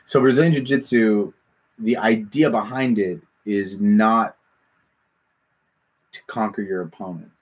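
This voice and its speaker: A man hosting a casual chat, rambling and animated, often repeating himself. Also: fairly low pitch, a little slow, pauses often, husky. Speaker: podcast host.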